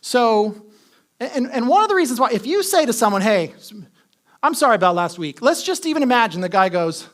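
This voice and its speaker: A man's voice: very high-pitched, big pitch swings, a little fast, fairly bright tone. A man preaching a sermon as pastor, talking conversationally, asking the congregation questions and repeating his key points.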